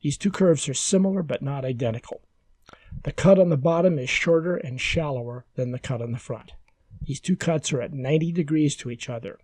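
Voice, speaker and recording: A man giving calm, measured, step-by-step woodworking instructions as a scripted voice-over. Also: on the high side, no echo.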